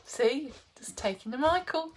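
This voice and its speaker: Woman, middle-aged, from england, higher voice, chatty, live-stream baking host. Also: animated, measured pace, a little hiss or hum. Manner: chatty, greets viewers by name, laughs often. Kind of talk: casual live-stream chat.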